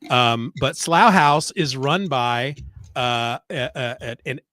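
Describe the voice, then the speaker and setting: A man's voice: medium pitch, slow, no echo. A middle-aged man in casual podcast chat, rambling and swearing as he tells a story with gusto. He sounds a little stuffed up. His voice is dry and close, with no room around it. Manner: rambling, profane, animated retelling. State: congested. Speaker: podcast co-host. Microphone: remote call mic.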